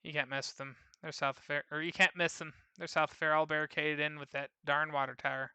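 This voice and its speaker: A man's voice: fairly high pitch, level tone, fast talker, pushed and bright, clear, resonant tone, no room sound. A man reading as a folksy caravan trader. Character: gruff male caravan trader. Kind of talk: reading game dialogue aloud.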